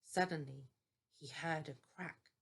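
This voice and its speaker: An older woman reading a children's bedtime story aloud in a gentle, deliberate way. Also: low voice, gravelly, husky.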